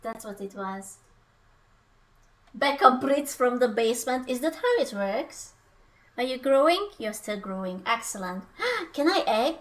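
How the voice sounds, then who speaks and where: This is laid-back live-stream chatter from a young woman cooking on camera, who playfully bursts into silly sing-song noises. She speaks on the high side, animated but unhurried.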